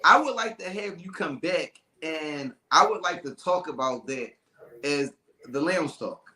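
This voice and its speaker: A man hosts a casual podcast, animated and full of slang. His voice sits a little high and sounds bright. The room around him has a noticeable echo. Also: measured pace. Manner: animated, laughing, loose slang. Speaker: podcast host.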